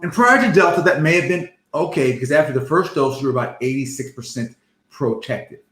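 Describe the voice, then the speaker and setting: A man's voice: medium pitch, fairly quick, fairly bright tone, echoey room. A man, an emergency physician, explaining vaccines in a jovial, plain-spoken way. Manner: jovial, laughs often, explains simply. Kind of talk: casual health talk.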